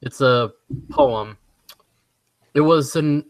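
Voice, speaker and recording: A man's voice: mid-range voice, expressive, moderate pace, fairly bright tone, no room sound. A man co-hosting a casual online group chat, telling jokes and reciting a comic poem. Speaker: podcast co-host.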